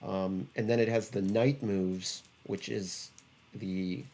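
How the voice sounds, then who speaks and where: A man with a fairly low voice talks casually as a podcast co-host. He rambles and halts, restarting his sentences and filling pauses with ums as he goes. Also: fairly even intonation, a little mellow. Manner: rambling, halting, many fillers and restarts. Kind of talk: casual chat about trading cards.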